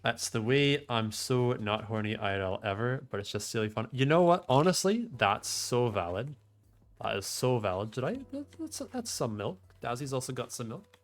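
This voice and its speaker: A man's voice: mid-range voice, expressive, normal speed, soft background music. A young man live-streaming from home, chatting loosely with his viewers and rambling through explanations of computer hardware, swearing freely. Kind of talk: casual live-stream chat, reading chat aloud. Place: home room.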